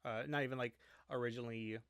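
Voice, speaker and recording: Halting man with a dry close sound. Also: mid-range voice, steady tone, a bit bright, clean tone, no echo. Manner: halting, restarts, wry asides. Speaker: book club podcast co-host. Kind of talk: casual chat.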